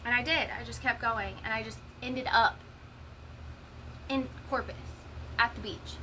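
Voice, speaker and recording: A woman's voice: fairly high pitch, steady tone, a little slow, bright, forceful tone, a little hiss or hum, low-quality recording. A woman telling her own story in a candid, emotional monologue, swearing freely. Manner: raw, profane, emotional storytelling. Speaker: vlogger sharing a personal story.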